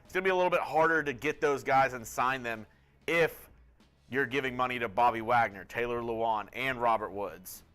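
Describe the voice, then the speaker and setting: A man's voice: mid-range voice, fairly quick, fairly bright tone, smooth, faint music behind. A man co-hosting a live sports show, reading viewer comments and reasoning through them. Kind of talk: live sports news chat.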